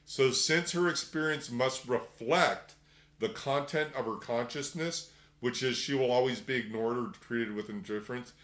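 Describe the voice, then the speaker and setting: A man's voice: medium pitch, fairly bright tone. Casual man teaching a group, echoey room. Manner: loose and conversational, acting out little scenes in quick voices. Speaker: workshop teacher. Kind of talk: casual spoken lecture.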